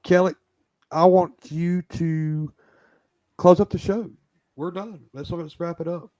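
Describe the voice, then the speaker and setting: A man's voice: on the high side, fairly even intonation, takes it slowly, warm tone, dry recording. A man with a Southern American accent hosting a casual live-stream chat, rambling with lots of restarts. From Southern United States. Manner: rambling, chatty, many restarts. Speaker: host.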